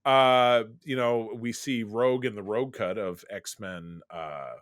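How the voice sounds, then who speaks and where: A man's voice: lowish voice, measured pace, no room sound, clean studio sound. A man co-hosting a podcast, chatting casually about a film, rambling and restarting his sentences. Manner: rambling, self-interrupting, trails into summaries. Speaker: podcast co-host. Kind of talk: casual movie discussion.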